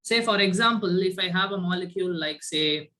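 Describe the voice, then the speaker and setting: A male chemistry teacher with a high-pitched, bright, forceful voice runs an online class at a fairly quick pace over a video call mic. He quizzes his students and tags his points with "right?" again and again.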